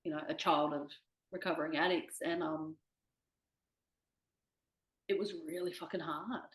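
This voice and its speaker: A woman's voice: sits low, fairly even intonation, measured pace, echoey room, poor audio. A young woman speaking candidly as an interview guest, swearing freely and quoting herself. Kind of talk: candid personal conversation.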